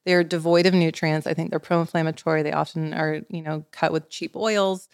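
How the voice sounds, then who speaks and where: A woman's voice: low voice, moderate pace, smooth, no room sound, studio quality. A woman in her forties, a wellness expert guest, telling stories in casual podcast chat with lots of "like" fillers. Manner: animated storyteller, many "like" fillers.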